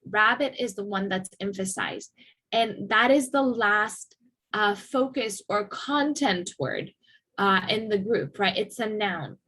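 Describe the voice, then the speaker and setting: A woman lecturing to her class in a bright, sharp voice. She explains step by step and speaks each example sentence with a clear stress on its key word. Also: mid-range voice, a little slow, poor audio. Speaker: teacher.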